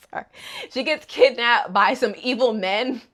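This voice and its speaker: A woman's voice: a little high, sharp tone. A woman casually recapping an anime episode in a chatty, joking, slangy way.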